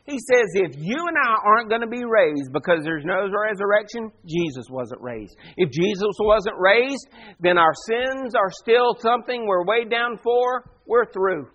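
A pastor preaching a sermon, animated and full of rhetorical questions to the congregation. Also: male voice, high voice, measured pace, muffled recording.

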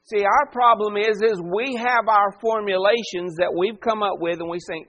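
High-voiced male preacher. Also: fairly even intonation, normal speed, few pauses, a bit bright, highs cut off. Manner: dramatic voicing of quoted figures, rhetorical questions. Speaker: pastor. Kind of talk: sermon.

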